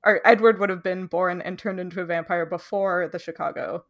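A woman's voice: fairly low pitch, steady tone, brisk. A young woman from Canada in casual chat, chatty, explaining at length and laughing often.

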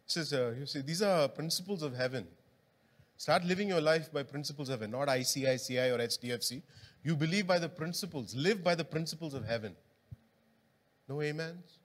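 Conversational preacher. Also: male voice, fairly high pitch, a little fast. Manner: conversational, engaging the congregation with questions. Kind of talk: sermon. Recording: long hall reverb.

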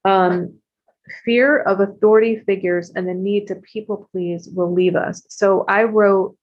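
A woman in her fifties sharing her recovery story frankly and expressively, with casual swearing and quick asides. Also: mid-range voice, steady tone. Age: 50s. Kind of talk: candid personal testimony. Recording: dull lo-fi recording.

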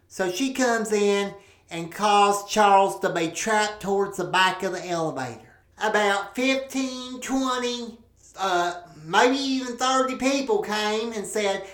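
A woman's voice: mid-range voice, a little slow. A woman hosting a podcast, telling a crude comic story full of swearing and rambling asides. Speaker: podcast host. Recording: roomy echo.

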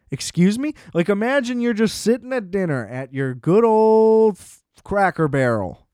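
A young man rants in a casual chat, sarcastic and full of profanity, slipping into mocking voices. His voice sits a bit high for a man. The sound is dry and close. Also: sing-song, a little slow, darkish tone, clean tone, dry recording.

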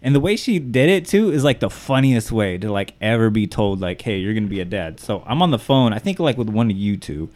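A man's voice: fairly low pitch, very animated, a little fast, hardly any pauses, darkish tone. A man in his thirties telling a story in casual chat, acting out quotes and swearing freely. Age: 30s. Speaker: podcast co-host.

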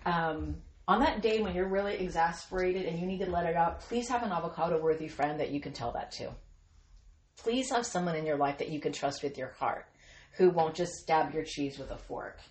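A woman's voice: on the low side, a little fast, a little mellow, a little hiss or hum. Playful, earnest woman host in an echoey room. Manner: playful, acts out quoted voices; earnest and encouraging. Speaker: podcast host speaking to Christian women. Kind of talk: devotional podcast talk.

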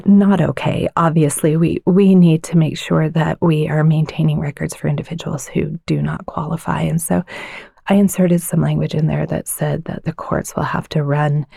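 A woman lawmaker explaining policy in an interview, measured and earnest, with frequent fillers and a slightly tired voice. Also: sits low, gravelly, mellow, husky, dry recording, clean studio sound. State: voice tiring. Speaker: state legislator.

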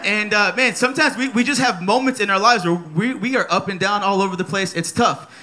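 A man in his thirties preaching a sermon at a church service, energetic and playful, repeating his key phrases. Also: high-pitched, a little fast. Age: 30s.

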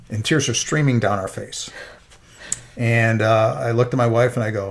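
A man's voice: medium pitch, moderate pace, gravelly. Middle-aged man, interview guest, emotional personal testimony. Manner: earnest, emotional storytelling.

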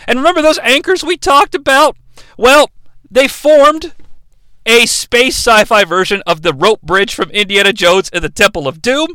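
A man's voice: high-pitched, bright, forceful tone, clear, resonant tone, no echo. A young man hosting a comedic bad-movie recap, sarcastic, profane and rambling. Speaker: host, bad-movie reviewer.

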